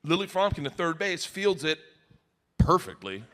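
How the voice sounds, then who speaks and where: A man's voice: on the high side, very animated, normal speed, sharp tone. A middle-aged man doing stand-up, telling a profane, exasperated story. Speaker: stand-up comedian. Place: comedy stage before a live audience. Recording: live set with audience noise.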